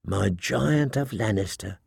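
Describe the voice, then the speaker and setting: A man voicing a young woman who whispers softly in a storybook reading. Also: on the high side, animated, normal speed, dry recording, studio quality. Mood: whispered. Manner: whispering, soft. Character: young female camp girl, soft and whispery.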